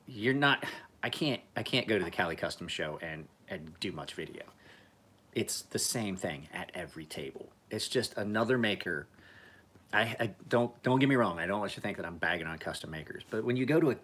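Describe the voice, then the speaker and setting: A man's voice: low-pitched, fairly bright tone, slightly rough. A man hosting a casual live stream, rambling in a laid-back way, swearing freely and laughing often.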